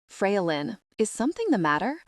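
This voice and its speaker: A woman voicing a caring older father who asks gently and with concern. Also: mid-range voice, big pitch swings, moderate pace, dry recording, studio quality, lightly acted.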